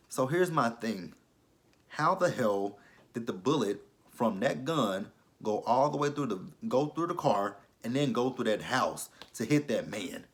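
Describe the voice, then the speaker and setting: A man recapping a TV episode in a casual vlog, blunt and profane, with incredulous asides. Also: medium pitch. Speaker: TV episode reviewer.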